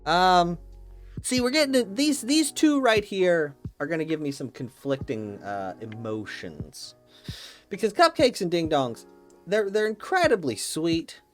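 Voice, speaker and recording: A man's voice: high-pitched, sing-song, a little slow, soft background music. A man ranting casually and with mock certainty, swearing a lot and rambling through restarts. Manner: opinionated, profane, mock-dogmatic. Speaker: YouTuber ranking snacks.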